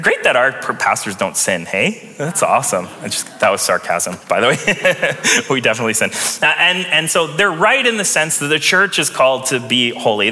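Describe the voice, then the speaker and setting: Young man preaching, bright and ringing, relaxed and chatty, church reverb behind him. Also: medium pitch. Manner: conversational, chuckles often, light sarcasm. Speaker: pastor. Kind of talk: sermon. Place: church sanctuary.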